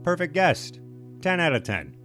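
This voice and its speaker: A man's voice: fairly high pitch, sing-song, a little slow, fairly bright tone, faint music behind. A man hosting a podcast, talking casually in a rambling, profane, self-mocking way. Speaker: podcast host.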